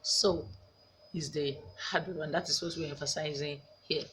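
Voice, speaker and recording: Teacher lady w/ a lowish voice, goes slow and says every example twice, faint room hum. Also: fairly even intonation, fairly bright tone. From Nigeria. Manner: slow, repeats each example sentence. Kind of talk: recorded class lesson on grammar.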